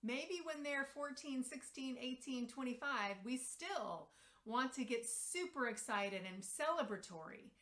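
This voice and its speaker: A woman's voice: high-pitched, expressive, unhurried, a bit bright. A woman speaking as a parent coach, telling a story and giving advice directly to the camera in a conversational way with the occasional filler.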